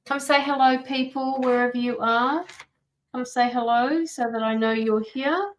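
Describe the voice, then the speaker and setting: A woman's voice: high-pitched, steady tone, moderate pace, low-quality recording. A woman tarot reader and medium, chatting casually on a livestream from her home studio, sympathetic and greeting viewers by name.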